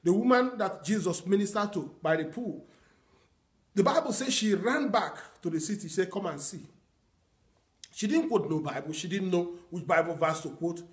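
A man's voice: high-pitched, animated, normal speed. A man preaching a sermon as pastor, teaching earnestly and repeating key phrases.

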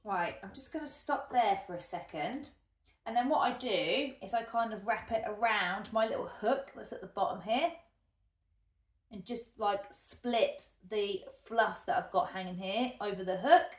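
A woman's voice: mid-range voice, a little slow. A woman chatting casually in a craft vlog while she works, self-deprecating and thinking aloud. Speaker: hobby spinner vlogger. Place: indoor room at a spinning wheel. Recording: echoey room from a distant mic.

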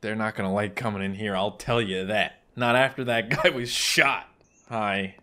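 A young man doing goofy, comedic commentary while playing a game, jumping into loud excited outbursts. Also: on the low side, normal speed, a little hiss or hum. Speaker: gaming YouTuber. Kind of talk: comedic let's play commentary. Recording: faint game music behind.

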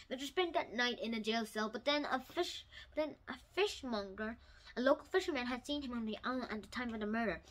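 Give me a woman with a lively, swooping voice who retells a story in a halting, casual way, with sudden loud bursts. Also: fairly high pitch, poor audio. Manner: halting, with restarts and loud excited outbursts. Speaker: YouTube storyteller.

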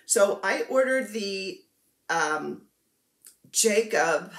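A woman chats through a casual craft vlog, gushing and poking fun at herself. She talks slowly with a lively, bouncing pitch. The room around her rings with echo. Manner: chatty, self-deprecating, gushing over crafts. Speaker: cross-stitch vlogger. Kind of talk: casual chatty show-and-tell.

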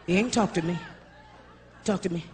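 A woman's voice: on the low side, moderate pace, darkish tone. A woman preacher delivering a fiery sermon, repeating her points and calling out her congregation. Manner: fiery, repetitive, calls out the congregation. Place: church sanctuary. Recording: live church with congregation noise.

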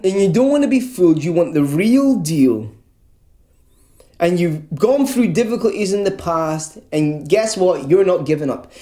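A preacher delivers an earnest evangelical sermon, often repeating a word before pressing on. The voice has a mellow, darker tone at a middling pitch. The sound is roomy, with the echo of a church around it. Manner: earnest, repeats words when stressing a point.

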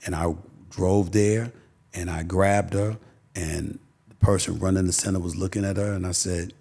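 A middle-aged New York man guesting on a talk show and telling stories. His voice is low and gravelly, with a husky edge. He talks emphatically and keeps restarting his sentences. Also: steady tone, normal speed, warm tone. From Queens, New York. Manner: emphatic storyteller with many restarts. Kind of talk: podcast interview, storytelling.

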